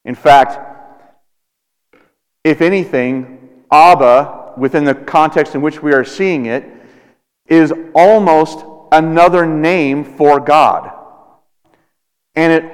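Pastor, thirties, deliberate sermon delivery with long pauses, big hall reverb. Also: male voice, on the high side, clear, resonant tone. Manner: slow, deliberate preaching with dramatic pauses.

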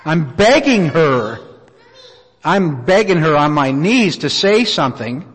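A middle-aged man preaching a sermon, telling a personal story in an earnest, unhurried way with many pauses. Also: fairly high pitch, very animated, slightly rough. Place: church auditorium. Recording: reverberant hall.

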